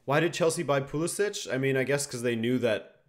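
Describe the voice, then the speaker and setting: A man's voice: medium pitch, brisk. A young man from Canada hosting a live watchalong, casually answering viewer questions and reacting to the game. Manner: relaxed, reads viewer questions, reacts to play. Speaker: watchalong host. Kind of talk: casual live-stream chat and match commentary.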